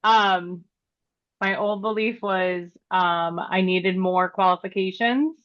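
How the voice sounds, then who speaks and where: A woman's voice: mid-range voice, steady tone, takes it slowly, no room sound. A woman taking part in an online workshop, speaking hesitantly with many fillers over a video call. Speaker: workshop participant. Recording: dull, dry video-call audio.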